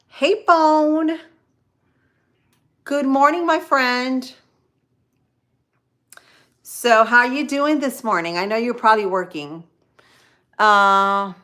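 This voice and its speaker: Cooking on a live stream, this weary middle-aged woman keeps up a casual, folksy chat with viewers, peppered with ums and y'alls. She has a lowish, fairly bright voice.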